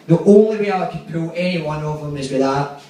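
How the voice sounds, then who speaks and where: Glaswegian man, stand-up comic, fairly high voice, very echoey room, heard from a distance, faint hiss. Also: fairly quick, warm tone. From Glasgow, Scotland. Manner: profane, rambling anecdotes with acted-out quotes. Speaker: stand-up comedian. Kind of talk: stand-up storytelling. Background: audience laughter.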